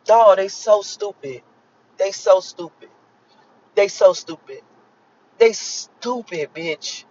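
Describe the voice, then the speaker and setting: A woman's voice: medium pitch, slow, darkish tone, slightly rough. A woman in her thirties from Miami, ranting casually to her viewers in a profane, emphatic way and repeating herself for emphasis. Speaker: vlogger. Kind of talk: casual rant to camera. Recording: slightly lo-fi recording.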